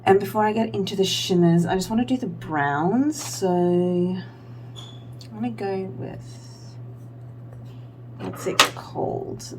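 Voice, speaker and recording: A woman's voice: mid-range voice, slow, pauses often, background noise. A young woman vlogger talking casually through a makeup tutorial, rambling with lots of fillers and poking fun at herself. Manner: rambling, filler-heavy, self-deprecating. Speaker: beauty vlogger.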